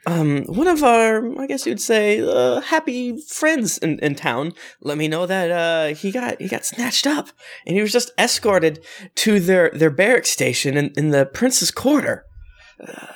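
A man's voice: sits high, sing-song, unhurried, pitched above the performer's own voice, exaggerated voice. A man voicing a worried woman at an inn, asking anxious questions.

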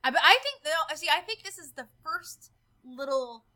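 A woman's voice: sits high, normal speed. A woman co-hosting a podcast, chatting casually and enthusiastically. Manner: enthusiastic, animated. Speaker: podcast co-host. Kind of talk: casual chat.

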